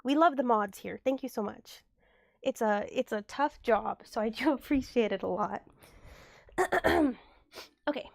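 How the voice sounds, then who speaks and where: A young woman's high voice with a gravelly edge, talking casually to her stream from a room at home. She is still getting over being sick and keeps up a chatty flow, thanking viewers and whispering little asides as she sorts things. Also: measured pace, pauses often, no echo. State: recovering from illness. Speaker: livestreamer. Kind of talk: casual livestream chat.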